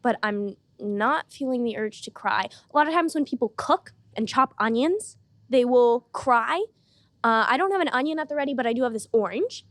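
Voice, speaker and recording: High, lively young woman hosting. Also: moderate pace, dry recording. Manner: deadpan mock-earnest, playful. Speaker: podcast host. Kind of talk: casual comedic podcast chat.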